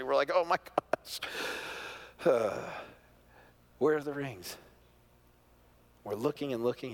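A middle-aged male pastor preaching a sermon, telling a family story, moving from hushed, quiet moments to loud, excited peaks. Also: medium pitch. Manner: animated storyteller, swings from hushed to near-shouting.

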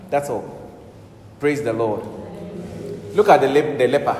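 Emphatic preacher in an echoey hall. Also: male voice, medium pitch, moderate pace, a little hiss or hum. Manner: emphatic, swinging between loud urgent bursts and hushed passages. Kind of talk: sermon. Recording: echoey hall with long reverb, faint ambience.

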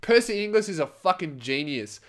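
Sweary young man, slightly high. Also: moderate pace. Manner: swearing, rambling, animated storytelling. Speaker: podcast host, comedian. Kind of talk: casual solo podcast monologue.

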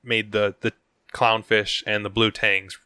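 Low-voiced guy, crisp and bright, agreeing a lot on a movie podcast, dry sound. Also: level tone, a little slow, no room sound. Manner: agreeable, chiming in with short replies. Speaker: podcast co-host. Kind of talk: casual movie discussion.

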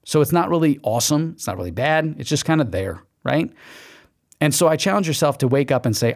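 A man with a slightly high, creaky voice talks a little fast and with animation as he hosts a podcast. He gives an emphatic motivational pep talk, repeating "okay" and voicing quoted inner thoughts.

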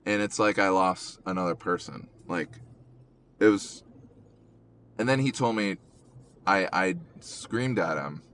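A young man with a deep yet bright voice talks slowly about personal matters on a podcast, recorded in a car. He stumbles and restarts often, with hesitant ums. A faint hum of road noise sits under his voice. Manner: halting, many ums and restarts, emotional. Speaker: podcast host. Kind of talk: casual podcast chat.

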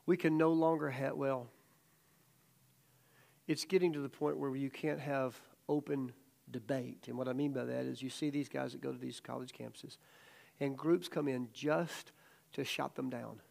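A middle-aged man teaching a casual Bible study as a sermon, telling stories animatedly and acting out quotes loudly. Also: medium pitch, fairly even intonation, moderate pace, vocal fry.

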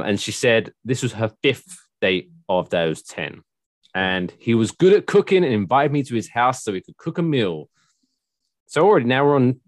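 Casting: sarcastic, rambling male podcast host, low voice, dry mic. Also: no room sound. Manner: rambling, sarcastic, swears freely. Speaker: podcast host telling news stories. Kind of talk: casual chat.

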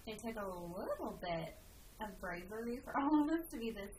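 A woman's voice: medium pitch, animated, moderate pace, darkish tone. A woman hosting a casual podcast as a wedding professional, chatty as she wraps up the episode. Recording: distant mic with clear background noise.

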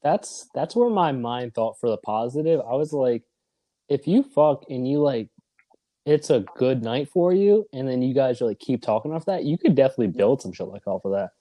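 A man's voice: medium pitch, expressive, normal speed, warm tone. A man co-hosting a casual podcast chat, teasing as he sets up scenarios and leads the questions. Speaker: podcast co-host.

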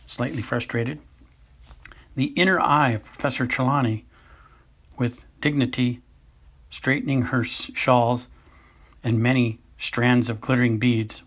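Husky man reading a novel aloud. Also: medium pitch, fairly bright tone. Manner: unhurried, occasional stumbles and self-corrections. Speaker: audiobook reader. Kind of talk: amateur audiobook narration.

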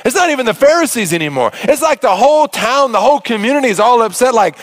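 A man preaching a sermon, retelling a Bible story in a conversational way, often dropping soft and low. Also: sing-song, quick pace.

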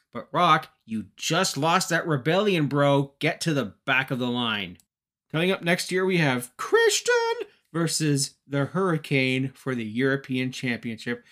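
A man's voice: medium pitch, fairly bright tone. Chatty man recapping wrestling. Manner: joking, chatty.

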